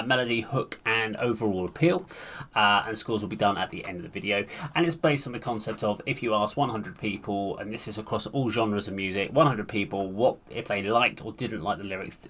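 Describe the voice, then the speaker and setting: A man's voice: on the low side, a bit bright. A man hosting a music reaction video, chatty and rambling with lots of filler. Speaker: reaction channel host. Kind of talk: casual reaction vlog.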